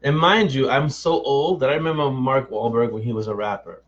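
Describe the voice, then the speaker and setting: A man's voice: medium pitch, fairly quick, lo-fi sound, slight background noise. A middle-aged man, an author hosting a casual live-stream chat, answering viewers by name in a chatty, self-mocking way.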